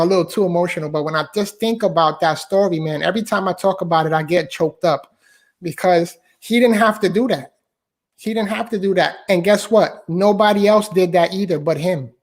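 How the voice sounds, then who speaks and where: A man's voice: sits high, normal speed. A man, a guest author and speaker, telling a personal story in a live online interview, heartfelt, repeating his phrases and often saying "man". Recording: live online talk show.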